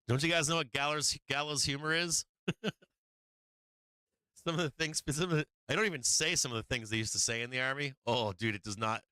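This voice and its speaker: A man's voice: mid-range voice, moderate pace, pauses often, sharp tone, clear, resonant tone, no echo. A man from Boston hosting a live market stream, rambling in casual chat and laughing often at himself. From Boston, USA. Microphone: streaming microphone on an arm.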